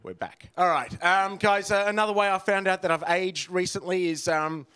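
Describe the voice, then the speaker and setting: A man's voice: sits high, moderate pace, sharp tone, smooth. A man in his thirties doing a rambling, self-deprecating stand-up set, full of ums and uhs. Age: 30s. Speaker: stand-up comedian.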